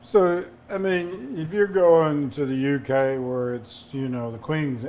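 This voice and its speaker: A man's voice: on the high side, fairly even intonation, slow, darkish tone, slight background noise. A man chatting casually on a panel, easygoing and brief. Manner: easygoing, short agreeing interjections. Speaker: distiller panelist.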